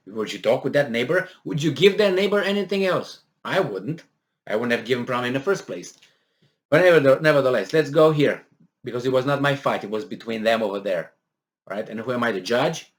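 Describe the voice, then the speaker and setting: A man's voice: on the high side, animated, fairly quick. A man giving casual commentary on a news article, rambling with many fillers and restarts, and acting out the voices he quotes with mock exasperation.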